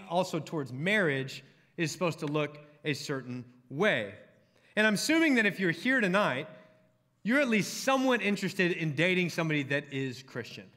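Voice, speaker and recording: Speaking in a bright, high voice with a Texan drawl, a young pastor from a college ministry gives a sermon to a room of students. Long reverb from a big hall fills the sound as he shares stories and trades jokes with the crowd.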